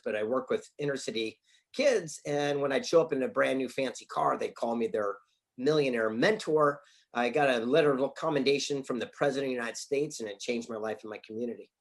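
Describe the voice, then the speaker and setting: A man, an author and speaker, answering interview questions with animated stories and acted-out dialogue from his office. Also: mid-range voice, fairly quick. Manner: animated storyteller, acts out quoted dialogue.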